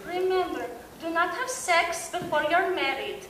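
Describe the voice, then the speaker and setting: A woman's voice: extremely high pitch, a little slow, voice pushed up, exaggerated voice. A woman putting on a fussy old Greek grandmother. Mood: doting. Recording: echoey hall from far off, loud crowd noise.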